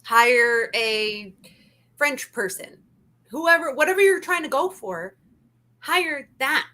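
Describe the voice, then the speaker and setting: A woman with a high, bright voice hosts a casual review chat. She talks in an animated, emphatic rush and hammers her points home by repeating them. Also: slow pace. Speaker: channel host.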